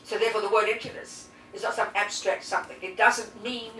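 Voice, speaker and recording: A woman teaching as a Buddhist nun to a live class, blunt and lively, firing rhetorical questions at her listeners. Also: mid-range voice, a little fast. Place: teaching room with audience. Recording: roomy echo, distant mic, faint hiss.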